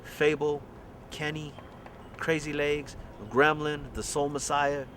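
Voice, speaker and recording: A man recalling his youth in an interview, lively and excited. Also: fairly high pitch, slow, a little hiss or hum. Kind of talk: casual storytelling.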